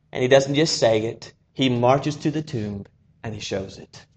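A man preaching a sermon, earnest, rising to loud emphatic passages and sinking to hushed ones. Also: mid-range voice, unhurried, a little hiss or hum. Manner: earnest, swells louder then drops to a hush.

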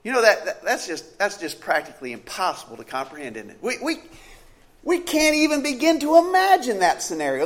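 A man's voice: high-pitched, big pitch swings, brisk. A man preaching a sermon in a conversational, storytelling way, asking the listeners questions and restarting phrases as he goes.

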